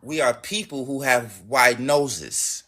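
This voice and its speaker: A man's voice: medium pitch, slow pace, pushed and bright. A man hosting a live stream debate, insistent and repetitive, pushing his argument. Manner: insistent, repeating himself, pushy. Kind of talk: casual debate.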